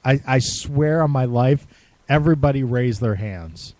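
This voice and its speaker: A man's voice: mid-range voice, unhurried, a little mellow, no echo. A man co-hosting a podcast, telling a long casual story with swearing and quoted lines. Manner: rambling, swears and laughs, acts out quotes. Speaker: podcast co-host.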